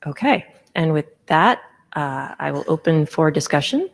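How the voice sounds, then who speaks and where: A woman's voice: deep voice, lively intonation, a little slow, vocal fry. A woman chairing a conference meeting session, presenting a proposal in an informal way with many fillers and restarts. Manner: informal, filler-heavy, self-correcting.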